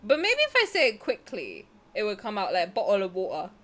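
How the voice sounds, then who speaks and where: A woman's voice: mid-range voice, huge pitch swings, normal speed, sharp tone. A young Southern English woman streaming a game, chatting casually in a bubbly, giggly, self-mocking way. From South of England.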